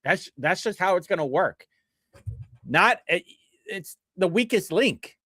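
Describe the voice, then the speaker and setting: Man, slightly high voice, dry close sound, sarcastic livestream commentator, reads bills aloud and mocks them. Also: animated, measured pace, sharp tone, no room sound. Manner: sarcastic and mocking, reads bill text aloud; chuckles often, with big pitch swings. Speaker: livestream host reviewing state bills.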